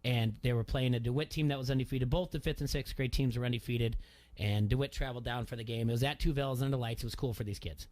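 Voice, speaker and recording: A middle-aged man hosting a casual sports radio talk show, telling a story and getting animated when he quotes people. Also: mid-range voice, fast talker. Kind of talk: casual chat.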